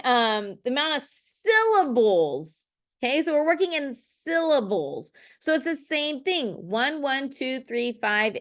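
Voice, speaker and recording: A middle-aged woman with a high, slightly bright voice leads a poetry lesson in classroom style. She thinks out loud as she writes, encouraging the class and checking in often with "okay."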